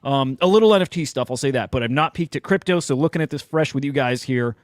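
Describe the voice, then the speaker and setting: A man co-hosting a casual crypto chat show, excitable and swearing freely. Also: medium pitch, fast, no room sound, clean studio sound. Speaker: co-host.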